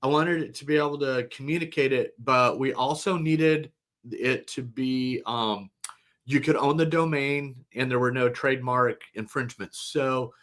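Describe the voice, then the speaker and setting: A middle-aged man, a company founder, talking casually as a webinar guest, relaxed and rambling with restarts. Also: medium pitch, normal speed.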